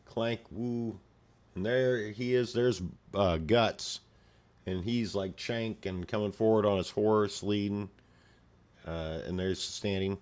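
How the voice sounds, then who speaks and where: A low-voiced man chats casually as he pages through a comic, narrating the action in a loose, rambling way. He tosses in his own mouth sound effects and offhand asides as he goes. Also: slow, a little mellow. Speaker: comic reader and commentator. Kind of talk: casual read-along commentary.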